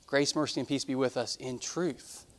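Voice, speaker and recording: A man's voice: medium pitch, steady tone, normal speed. A man preaching a sermon as a pastor in a church, earnest and emphatic, repeating key phrases. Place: church sanctuary.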